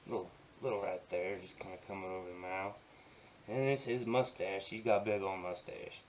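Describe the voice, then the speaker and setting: A man narrating his digital painting tutorial in a soft, easygoing way, often dropping to a murmur and adding playful asides. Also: low-pitched, steady tone, moderate pace, a little hiss or hum, poor audio. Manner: playful asides while working. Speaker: digital artist.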